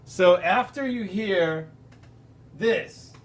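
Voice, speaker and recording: A man's voice: high-pitched, very slow. A man who is a musician and poet, chatting loosely and then reciting verse over a video call. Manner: relaxed, rambling, then rhythmic recital. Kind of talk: spoken word with singing.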